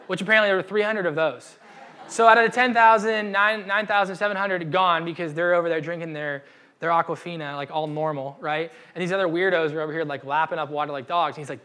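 A young man giving a casual, humorous sermon as a pastor, acting out the people in the story with slang and quick asides. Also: high voice. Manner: animated, acts out quoted voices with slang. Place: church gathering.

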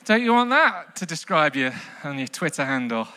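A man preaching a lively sermon to a congregation, telling a children's story with big bursts of mock outrage. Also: on the high side, moderate pace. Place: large hall with long reverb. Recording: live sermon in a reverberant hall.

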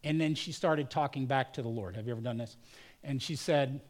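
A man's voice: mid-range voice, brisk. A man preaching a sermon as pastor, telling personal stories and acting out the voices of the people in them. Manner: storytelling, acts out quoted voices. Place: church.

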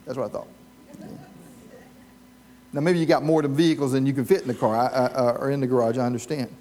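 A male pastor with a mid-range, dark voice preaches fast in a steady tone, with slight background noise. In church before a live congregation, he tells stories and asks the listeners questions.

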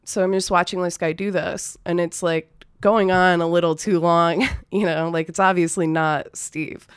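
A woman with a lowish, smooth and clean voice recounts a story in a relaxed, conversational way. She swears freely, leans on fillers, and breaks into short nervous laughs. The sound is close and dry, with no room echo. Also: moderate pace. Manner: loose and profane, many fillers, nervous laughs. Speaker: storyteller, former restaurant server. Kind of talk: casual spoken anecdote.

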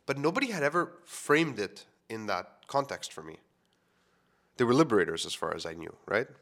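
A man's voice: mid-range voice, very animated, moderate pace, a bit bright. A man in his thirties from Quebec, a podcast host telling a personal story in a casual, rambling way full of fillers.

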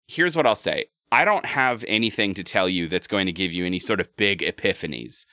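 A man hosting a casual podcast chat, animated and quick to laugh. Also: sits low, no echo, studio quality. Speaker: podcast host.

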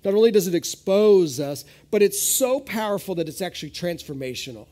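A man in his thirties preaching a sermon at a live church service, telling stories with sudden jumps in pitch and loudness. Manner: animated storytelling with sudden rises in pitch. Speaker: pastor.

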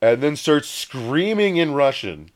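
A man telling a long story in casual chat, rambling and animated, often acting out what others said. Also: on the high side, slow. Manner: rambling, animated, acts out quoted voices.

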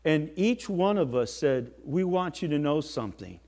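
A man preaching a sermon as pastor, swinging from soft, slow lines to loud, emphatic ones. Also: on the high side, animated.

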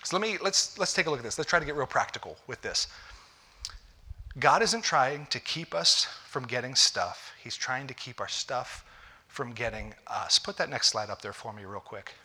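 Bright-voiced man preaching a sermon. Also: medium pitch, expressive, normal speed. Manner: conversational preaching with repeated restarts. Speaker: pastor.

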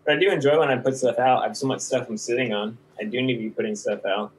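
A man's voice: mid-range voice, fast, slight background noise, poor audio. A man chatting casually about making videos, rambling with frequent restarts and laughs. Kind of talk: casual conversation.

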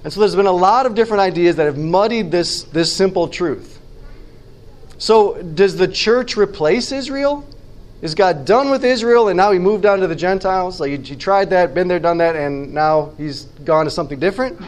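A male pastor with a high-pitched voice delivers a sermon. He talks to his congregation in a conversational way and puts questions to them. He slows down to stress the phrases that matter most. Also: animated. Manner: conversational, asks the listeners rhetorical questions.

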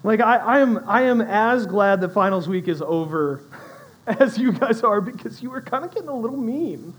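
A young adult man preaching a sermon in a conversational style, with animated asides to his audience. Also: high-pitched, normal speed, slightly rough, rough recording. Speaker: pastor.

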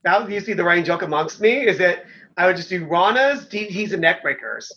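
Middle-aged ex-wrestler guest, high-pitched man, rambling and filler-heavy, dull lo-fi sound. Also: expressive, fast talker, bright, forceful tone. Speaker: former pro wrestler, guest. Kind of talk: casual storytelling.

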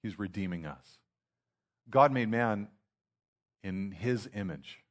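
A man's voice: fairly low pitch, takes it slowly. A man preaching a sermon in a casual, conversational way, often restarting his sentences. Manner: conversational preaching with frequent restarts and acted asides. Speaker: pastor.

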